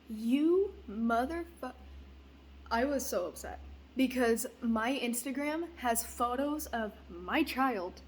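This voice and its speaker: A woman's voice: a little high, a little hiss or hum. A young woman and mother telling a story casually, rambling with fillers and swearing. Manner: rambling, profane, uses many fillers. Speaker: parent.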